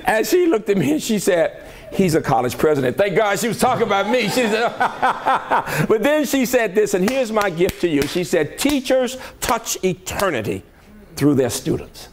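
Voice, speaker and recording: A man's voice: sits high, big pitch swings, moderate pace, background noise. An older man from the American South, a college president giving a motivational keynote speech in a conference hall, emphatic and rhetorical, often checking in with his audience.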